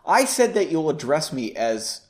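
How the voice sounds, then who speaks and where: A man's voice: a little high, sing-song, unhurried. A man voicing an arrogant, hostile male mage who sneers and threatens. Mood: sneering.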